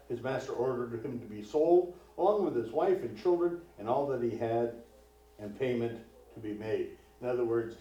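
With a warm, mid-range voice, a man preaches as a pastor in a conversational style full of rhetorical questions. It's a dull, echoey hall recording that sounds far away.

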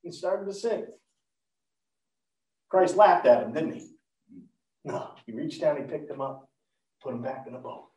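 Preacher guy telling bible stories, kinda high voice, echoey hall, far from the mic. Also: a little slow, long pauses. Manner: animated, swinging from loud to hushed. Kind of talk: storytelling sermon.

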